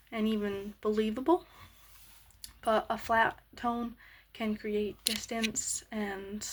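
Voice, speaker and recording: A woman explaining a lesson on voice slowly, with many pauses and fillers. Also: on the high side.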